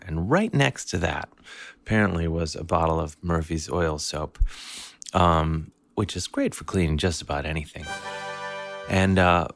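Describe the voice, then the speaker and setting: A man's voice: very deep voice, a bit bright, no echo. A man in his fifties telling a family story in a meandering, wry, self-interrupting way. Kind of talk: casual storytelling.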